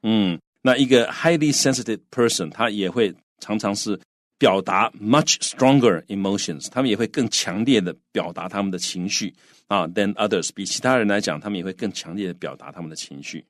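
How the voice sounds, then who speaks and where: A man teaching English, explaining and translating phrases slowly, with lots of repetition. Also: fairly low pitch, no echo. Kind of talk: bilingual language lesson.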